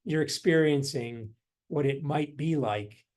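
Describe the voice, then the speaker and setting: A man leading a forgiveness workshop indoors, speaking gently with frequent chuckles and meandering asides, then softening into quiet repeated meditation phrases. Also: on the high side, measured pace. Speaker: workshop leader. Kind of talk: guided meditation teaching. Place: a room indoors.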